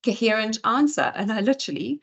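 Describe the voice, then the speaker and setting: A woman's voice: a little high, a little fast, slightly rough, muffled recording. A woman speaker giving a chatty talk at an in-person event, full of fillers and asides. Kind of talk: conference talk.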